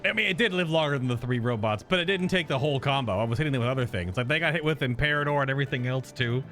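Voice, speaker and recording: A man's voice: mid-range voice, rapid-fire, fairly bright tone, soft background music. A man streaming a video game, giving a casual, rambling reaction commentary as he plays and laughing often.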